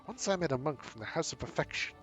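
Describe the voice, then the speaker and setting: Dude doing a dreamy mystic wanderer lady, flowery theatrical drawl, pitched up and loud. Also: expressive, fast, soft background music, lightly acted. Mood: grandiose. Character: grand, mystical female wanderer from far away.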